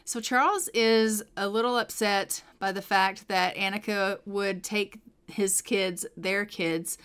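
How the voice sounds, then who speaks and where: A woman's voice: medium pitch, steady tone, slow, fairly bright tone, clear, resonant tone. A young adult woman narrating a life-simulation game in a casual storytelling way, with frequent fillers. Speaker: let's play narrator.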